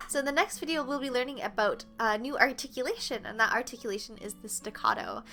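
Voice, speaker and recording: A woman with a bright, fairly high voice leads an online flute lesson. She explains each step patiently and counts the beats aloud, with faint music behind her. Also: quick pace. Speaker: flute teacher.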